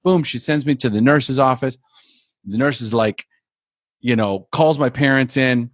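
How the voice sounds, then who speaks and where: A man's voice: medium pitch, a little slow, no echo, studio quality. A man, a life coach, telling his personal story as a podcast guest in an earnest way, often repeating words as he builds the tale.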